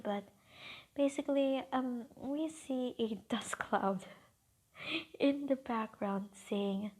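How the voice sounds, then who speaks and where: A woman's voice: mid-range voice, slow, a little mellow. A woman casually improvising a fan-fiction story, rambling and hesitant, often half-whispering.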